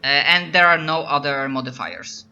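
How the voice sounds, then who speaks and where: A man with English as a second language, running a tabletop game, pausing often with fillers. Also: a little high, expressive, muffled recording, crowd noise. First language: non-native English speaker. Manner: slow, hesitant, many fillers. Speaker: game master.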